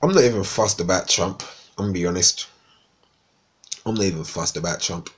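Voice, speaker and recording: A man's voice: sits low, brisk, slightly rough. A man from East London with a Cockney accent, chatting casually and swearing a lot on a live stream. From East London, England. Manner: rambling, swearing, slangy.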